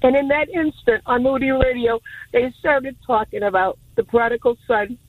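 A woman calls in from her car, sharing a personal testimony. She sounds emotional and stammers, with a slightly husky voice. The line is thin and tinny, like a phone call. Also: high-pitched, moderate pace, dry recording. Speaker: caller. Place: car, driving.

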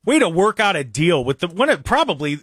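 Man, sports talk host, sarcastic rant, high voice, very lively pitch, dry close sound. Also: fairly quick, breathy edge, no echo. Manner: animated and sarcastic, mocking others in put-on voices.

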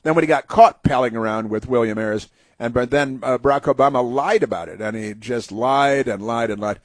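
A man's voice: medium pitch, a little fast, dry recording. A man hosting political talk radio, rambling and mocking in a sarcastic tone. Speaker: radio host.

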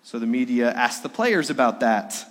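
A middle-aged male pastor preaching a sermon during a Sunday service, earnest, swinging between loud emphasis and hushed moments. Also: mid-range voice, expressive, moderate pace. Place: church sanctuary during a worship service. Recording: long hall reverb.

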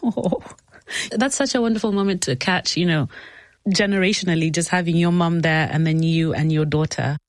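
Gentle, supportive woman interviewer. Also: on the low side, moderate pace, no echo. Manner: gentle and supportive, reflecting back on what the guest says. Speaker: host. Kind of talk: interview conversation.

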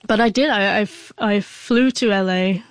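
A woman with a stutter, a guest and author, tells an emotional personal story in an interview, her speech broken by repeated sounds. She sounds heartfelt, speaking at a moderate pace in a mid-range voice with no room sound.

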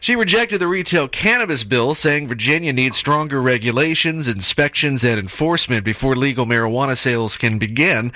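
A man reading the news on a talk radio station in a steady newsreader manner. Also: medium pitch, brisk, hardly any pauses, no echo.

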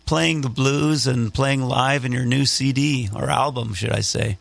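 A man interviewing a musician in a relaxed, friendly way, laughing often and asking long questions. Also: mid-range voice, measured pace, vocal fry. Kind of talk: casual interview.

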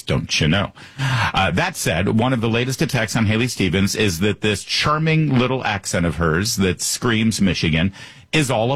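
Low husky guy doing talk radio, opinionated, chatty with lots of uhs, dry sound. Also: a bit bright, no room sound. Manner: conversational, opinionated, with fillers. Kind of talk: political talk radio commentary.

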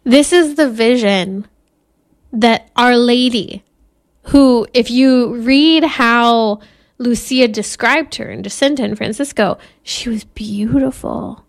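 A woman gives an earnest spiritual talk, speaking at a measured pace. Her voice sits slightly high. She talks as a Catholic mother and lets in an occasional soft laugh.

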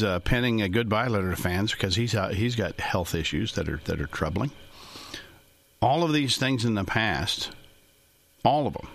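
A man's voice: low voice, a bit bright. A man in the financial services trade hosting a talk show, rambling in a folksy way with chuckling asides. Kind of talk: casual monologue.

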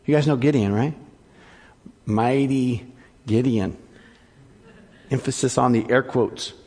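A man pastor delivering an animated sermon and joking with his congregation. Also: medium pitch, fairly quick, breathy edge, in a large hall.

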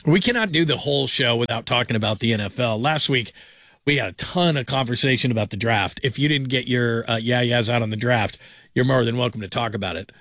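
A man's voice: mid-range voice, a little fast, a bit bright, dry recording, clean studio sound. A man hosting a late-night sports radio talk show in a rambling, conversational way, with chuckling asides. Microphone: studio broadcast mic.

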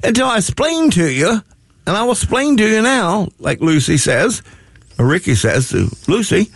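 A man's voice: sits high, very animated, normal speed, gravelly, breathy edge, no room sound. A man hosting a radio talk show, rambling in a self-mocking curmudgeonly way with many restarts and asides. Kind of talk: folksy talk radio banter.

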